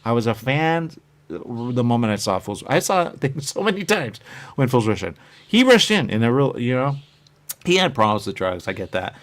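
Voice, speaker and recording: The man hosting this show has a medium-pitched voice with big pitch swings and talks at normal speed. Casual and meandering, he moves from point to point, often putting on voices to act out what other people say.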